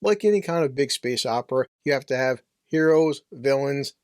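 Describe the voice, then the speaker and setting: A man's voice: mid-range voice, animated, moderate pace, a little mellow, clean tone, no room sound, studio quality. A man giving a casual, brash, joking movie review with some profanity.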